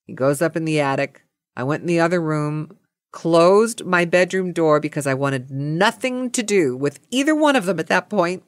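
A woman's voice: low-pitched, lively intonation, normal speed, no echo, clean studio sound. A woman telling a comic everyday story in a casual, exasperated, self-mocking way.

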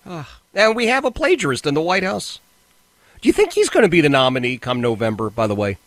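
A man's voice: brisk, dry recording. A man hosting a talk radio show, delivering an indignant monologue. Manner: animated, indignant, pitch jumps when worked up.

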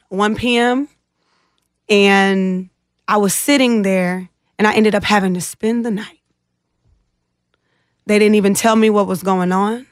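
A woman's voice: mid-range voice, clean tone, dry recording, studio quality. A woman guest in an interview, earnestly retelling a distressing personal experience and acting out others' words. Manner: earnest, emotional retelling with animated quoted voices.

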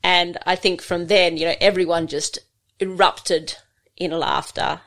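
An Australian woman, a livestock handling trainer, telling stories in a relaxed, rambling way with many fillers. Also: on the low side, a little slow. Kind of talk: conversational storytelling.

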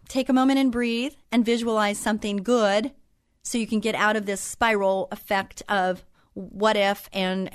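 A woman hosts a Christian talk show in a chatty, encouraging voice of middling pitch, drifting from advice into her own stories. She sounds close and dry on a studio mic, with no room sound around her. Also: no room sound. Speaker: host.

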